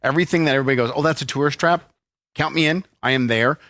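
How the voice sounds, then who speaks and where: A man's voice: medium pitch, very fast, fairly bright tone, no echo. A man co-hosting a podcast in casual chat, teasing and joking with his partner. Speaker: podcast co-host.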